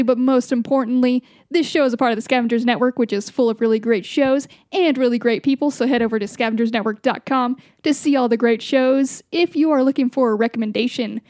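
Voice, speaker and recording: A woman's voice: fairly high pitch, darkish tone, dry recording, clean studio sound. A woman hosting a podcast, chatting casually with friends and reading the show's outro, upbeat and swearing freely. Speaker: podcast host.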